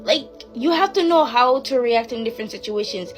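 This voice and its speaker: Young woman, faith advice vlog, earnest, preachy, fairly high pitch, clear background music. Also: animated, moderate pace. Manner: earnest, preachy, loose with fillers. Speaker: Christian YouTuber giving advice. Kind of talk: casual faith talk to camera. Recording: music playing behind the voice.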